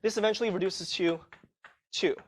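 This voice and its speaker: A man's voice: sits high, steady tone, brisk. A man teaching a live university class in a casual, self-mocking way, often checking in with the students. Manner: casual, self-mocking, tags sentences with "okay?". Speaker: university lecturer. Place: lecture hall.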